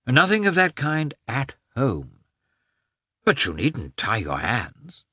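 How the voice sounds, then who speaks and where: A man's voice: mid-range voice, huge pitch swings, slow, bright, forceful tone, husky, dry recording, clean studio sound, pitched above the performer's own voice, heavily acted. A man voicing a worldly, jovial middle-aged nobleman who talks in a breezy, persuasive, lecturing way.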